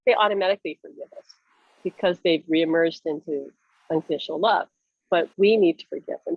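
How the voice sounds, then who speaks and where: A woman speaking as a spiritual medium in a casual talk, telling stories in a lively way and laughing often. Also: lowish voice, no room sound, highs cut off. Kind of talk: casual talk show chat.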